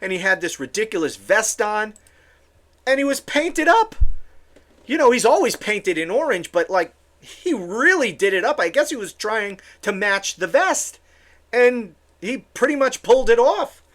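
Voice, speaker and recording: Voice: mid-range voice, sing-song, measured pace, fairly bright tone. A political commentary host ranting alone on camera, sarcastic and exasperated, often stumbling into restarts and repeated words.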